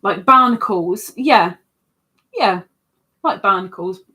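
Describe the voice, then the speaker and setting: A woman's voice: mid-range voice, animated, takes it slowly, pushed and bright. A woman hosting a casual livestream, chatting in a self-mocking way and reading out viewers' comments from a computer mic at home. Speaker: livestream host.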